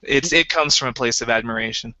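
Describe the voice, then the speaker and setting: Bright-voiced male podcast co-host. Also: medium pitch, a little fast, no room sound. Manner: easygoing, laughs often. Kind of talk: casual podcast chat.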